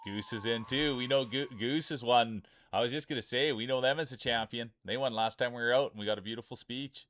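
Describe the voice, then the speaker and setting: Male stream host calling marble races, jokey and excitable, dry close sound. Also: mid-range voice, fairly quick, dry recording. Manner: jokey, excitable, laughs often while talking. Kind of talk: casual live-stream commentary.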